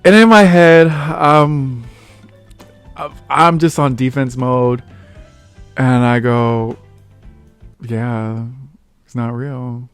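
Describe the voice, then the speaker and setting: On his vlog, a young man tells casual stories in a mid-pitched, smooth voice, drawing out words and leaving long pauses. He laughs often and acts out quotes in a louder voice. Soft music plays faintly in the background.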